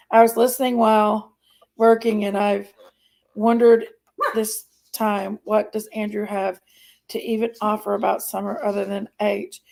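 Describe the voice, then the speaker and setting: A woman hosting a casual live stream from her couch at home, a little hoarse from allergies and talking in a rambling, chatty way. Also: medium pitch, darkish tone, rough recording.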